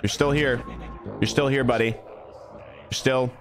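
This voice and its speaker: A young man chatting casually while live-streaming a horror game, rambling and animated, with his voice jumping up high whenever he is startled. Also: slow pace, crowd noise. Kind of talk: casual gaming livestream chat.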